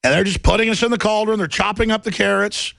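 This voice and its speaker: A middle-aged man hosting a talk radio show, ranting sarcastically and mocking his critics, often bursting into shouts. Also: high voice, fairly even intonation, fast, creaky, no room sound.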